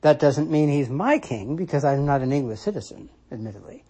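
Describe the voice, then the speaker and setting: A commentator giving a reflective solo monologue, measured and deliberate, restating points for emphasis. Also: medium pitch, big pitch swings, mellow, breathy edge. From United States. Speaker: Christian commentator.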